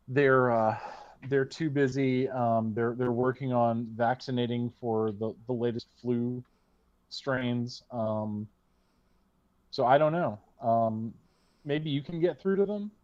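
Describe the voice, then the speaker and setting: A man's voice: medium pitch, unhurried, a little mellow, highs cut off, lightly acted. A man voicing a caring woman who runs a mission, speaking in a concerned, hesitant way.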